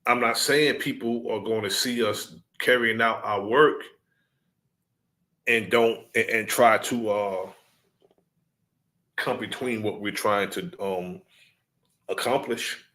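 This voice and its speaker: A man addressing his followers in a deliberate, preaching cadence, repeating his key points. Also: on the low side, fairly even intonation, pushed and bright.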